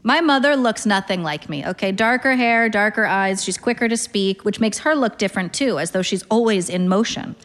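Deadpan woman reading a short story. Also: medium pitch, normal speed, few pauses, long reverb tail. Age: 30s. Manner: dry, deadpan, wry. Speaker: narrator.

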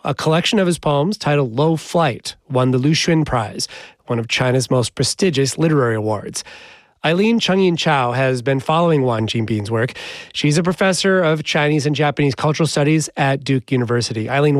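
A man's voice: a little high, animated, brisk, no echo, studio quality. A man hosting a broadcast interview, asking questions in a polished, conversational way. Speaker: radio interview host.

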